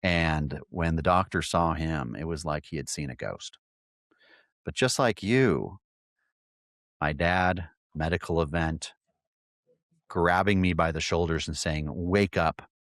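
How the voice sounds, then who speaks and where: A man with a very low voice tells a long personal story, stopping and restarting mid-sentence. The sound is dry and close, with no room around it. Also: a bit bright, dry recording. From California. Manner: halting, repeats words as he tells a story. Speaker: podcast host.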